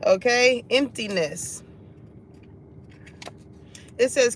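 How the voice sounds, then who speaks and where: A woman's voice: medium pitch, measured pace, slight background noise. A woman giving a casual tarot reading, laughing often and swearing freely. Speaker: tarot reader.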